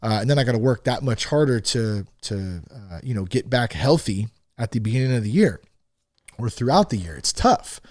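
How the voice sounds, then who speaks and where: A man's voice: medium pitch, animated, normal speed, a little mellow, dry recording, studio quality. A man hosting his own podcast, talking casually and self-deprecatingly with plenty of fillers. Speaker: podcast host. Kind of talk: casual solo podcast talk. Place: home in Northern California.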